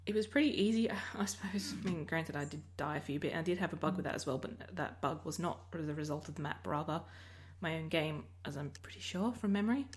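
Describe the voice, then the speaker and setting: A woman's voice: deep voice, fairly quick, few pauses. An Australian woman giving casual commentary over her recorded gameplay, rambling and often breaking off mid-sentence. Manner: rambling, self-interrupting, chatty. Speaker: Minecraft let's player.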